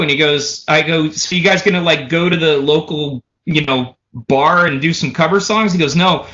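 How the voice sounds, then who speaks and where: Male drummer, animated profane storyteller, bright edgy voice, slightly muffled lo-fi recording. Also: a little high. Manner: animated, profane, runs stories with "he goes" and "so anyway". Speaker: drummer and podcast guest. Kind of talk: casual storytelling.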